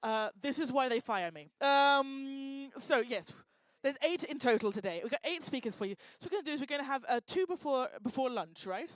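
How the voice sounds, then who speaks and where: A woman's high voice, animated and a little fast with hardly any pauses, is heard in a dry recording. As the host of a live event on a lecture hall stage, she does stand-up style crowd work, teasing and joking with the audience.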